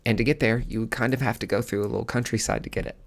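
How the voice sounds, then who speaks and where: A man's voice: mid-range voice, fairly even intonation, rapid-fire, vocal fry. A man hosting a podcast, telling a personal story in a casual, rambling and emotional way, full of fillers. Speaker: podcast host.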